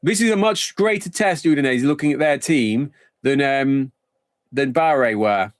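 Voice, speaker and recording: A man's voice: medium pitch, normal speed, dry recording, studio quality. Chatty man musing over his game. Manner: rambling, thinking aloud, chatty. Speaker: game streamer. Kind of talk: casual live-stream commentary.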